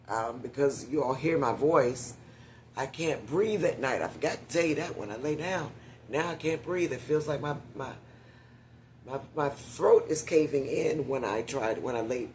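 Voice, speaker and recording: A man's voice: mid-range voice, darkish tone, a little hiss or hum. A man in a casual vlog monologue, chatting directly to viewers with frequent whispered asides and getting short of breath when he talks for long.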